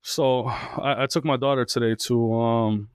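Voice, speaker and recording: A man in his thirties co-hosting a podcast, telling stories in loose, profane, animated casual chat. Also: medium pitch, unhurried, clear, resonant tone, dry recording. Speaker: podcast co-host. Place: indoor podcast setup.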